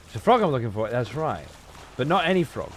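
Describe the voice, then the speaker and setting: A man's voice: mid-range voice, sing-song, brisk, a bit bright, slight background noise. A man giving casual, profane commentary while playing a game, sarcastic and talking to himself and his chat. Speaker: gameplay streamer.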